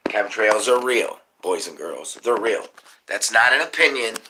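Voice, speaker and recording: A man, hosting a live stream and ranting excitably about conspiracies, cursing often and calling to viewers as y'all. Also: lowish voice, a little slow. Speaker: livestream host. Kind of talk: casual live-stream rant. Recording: noisy live-stream audio.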